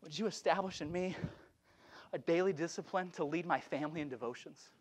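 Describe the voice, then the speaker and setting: A middle-aged man preaching an impassioned revival sermon in a church, swinging from shouts down to hushed, repeated phrases. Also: on the high side, fairly quick. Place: church sanctuary.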